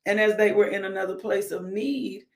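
A woman hosts a live-streamed morning devotional, preaching conversationally and speaking directly to her viewers while breaking into whoops and laughter. Her medium-pitched voice moves at normal speed in an echoey room.

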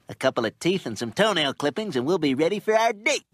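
An actor playing Quagmire, a sly, creepy middle-aged cartoon lecher with a smarmy, sing-song delivery. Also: male voice, a little high, sing-song, fairly quick, noisy background. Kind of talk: cartoon voice acting.

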